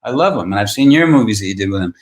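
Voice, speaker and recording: A man voicing an eager, chatty older male actor in a high, wondering tone, in a roomy-sounding recording. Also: expressive, very fast, close to an everyday voice.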